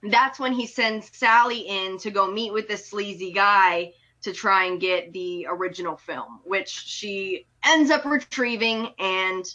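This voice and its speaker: A woman's voice: medium pitch, a little slow, hardly any pauses, sharp tone, highs cut off. A woman recapping a film in casual chat, talking easily with frequent fillers like "you know". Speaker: film reviewer.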